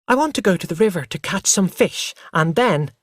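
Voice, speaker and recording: A man's voice: high voice, expressive, normal speed, slight background noise, pitched above the performer's own voice. A man voicing an eager, demanding little boy who keeps asking insistent, whiny questions, in a graded reader story.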